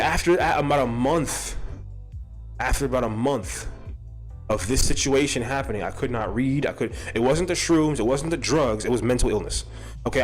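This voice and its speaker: A young man telling a personal story to his viewers in a casual, profane way, laughing often and breaking into high-pitched quoted outbursts. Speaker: streamer. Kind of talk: casual storytelling to a live chat.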